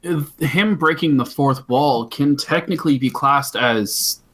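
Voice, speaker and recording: A man's voice: medium pitch, a little slow, fairly bright tone, breathy edge. A man co-hosting a casual podcast chat with dry, teasing remarks. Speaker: podcast co-host.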